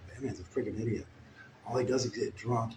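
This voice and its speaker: A man telling a crude, meandering comic story with deadpan asides. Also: lowish voice, a little fast. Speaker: comedic storyteller. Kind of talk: rambling improvised comic story. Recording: echoey room with faint ambient noise. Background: guitar playing.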